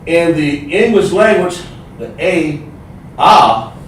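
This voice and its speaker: A man teaching a livestreamed class, explaining slowly, repeating himself and sounding out letters. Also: on the high side, far from the mic. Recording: echoey room, voice from off the mic, faint noise.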